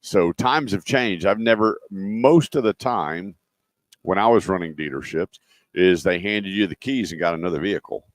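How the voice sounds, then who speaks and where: Deep-voiced radio host, folksy. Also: male voice, normal speed, no echo. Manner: folksy storytelling, lots of uh fillers. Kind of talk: live radio talk with dealership promos. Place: live remote broadcast at a dealership.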